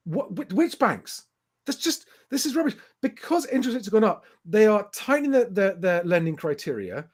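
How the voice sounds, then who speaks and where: A man's voice: sits high, very animated, moderate pace, a little mellow. A man hosting a casual live stream, rebutting viewer comments point by point in an emphatic way. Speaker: host.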